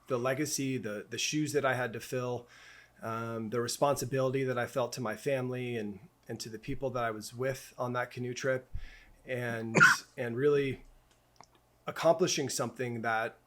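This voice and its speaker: A middle-aged man telling a personal story as a guest in a podcast interview, halting and heartfelt, with many restarts and repeated words. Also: medium pitch, fairly bright tone. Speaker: camp director guest.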